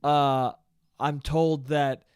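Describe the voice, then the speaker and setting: A man's voice: fairly high pitch, little pitch movement, extremely slow, clear, resonant tone, no room sound. A man hosting a solo podcast, telling a story in a profane, ranting, comedic monologue into a close mic. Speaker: podcast host.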